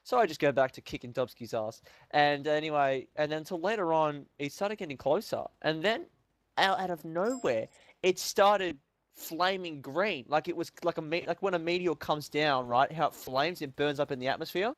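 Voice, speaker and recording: Casual animated young man swapping stories, higher voice, dry mic. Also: normal speed, no room sound. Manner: animated, swears often, acts out quotes. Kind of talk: casual storytelling chat. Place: home room.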